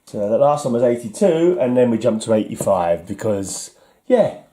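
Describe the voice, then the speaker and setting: A man's voice: medium pitch, big pitch swings, moderate pace, mellow. An English man in casual vlog talk, wryly chuckling and mocking himself as he sorts through his comics. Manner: wry, chuckling, self-mocking. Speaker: comic collector vlogger.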